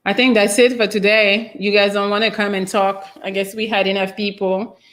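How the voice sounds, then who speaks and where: This French-accented streamer from France talks at a moderate pace in a level, medium-pitched voice with a bit of brightness. She chats loosely and reads viewer comments, drifting along and letting sentences fade out with fillers.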